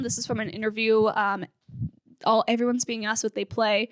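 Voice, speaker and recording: A young woman hosts a fan podcast in a bright, fairly high voice, chatting casually with an upbeat, filler-heavy flow. Her sound is dry and close, with little room around it. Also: fairly even intonation, moderate pace, no echo. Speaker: podcast host.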